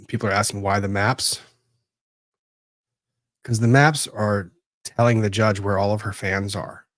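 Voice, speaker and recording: A low-pitched man hosts an unhurried legal commentary stream, muttering to himself as he digs through files. The sound is dry and close, with no room around it. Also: steady tone, fairly bright tone, no room sound. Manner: rambling, talks to himself while searching documents. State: disorganized after moving. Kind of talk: casual livestream commentary.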